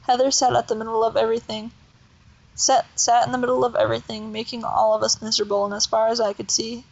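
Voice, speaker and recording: A woman reading a children's novel aloud in a steady, plain way with small slips. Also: fairly high pitch, quick pace, creaky, highs cut off, slight background noise. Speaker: reader.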